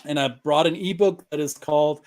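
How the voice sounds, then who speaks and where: A German man whose accent is blended with American Midwest and Southeast touches, chatting as a guest. He talks in a playful, joking way, with dry quips. His voice sits slightly high for a man. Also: fairly quick, a little mellow. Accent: German with American Midwest and Southeast traces. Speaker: guest cultural coach. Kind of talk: casual interview chat.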